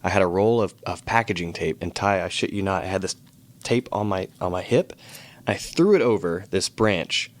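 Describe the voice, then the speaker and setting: A man's voice: deep voice, moderate pace. A man from Virginia co-hosting a podcast, chatting casually with playful, teasing questions. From Fairfax, Virginia, USA. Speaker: podcast co-host. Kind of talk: casual chat.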